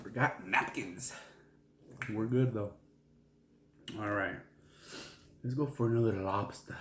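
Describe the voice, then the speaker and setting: A man's voice: lowish voice, slight background noise. A man chatting casually at home while eating a seafood meal on camera, talking with his mouth full and dropping Spanish exclamations between bites. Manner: slow and relaxed, mixing in Spanish exclamations. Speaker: food vlogger. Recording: roomy echo.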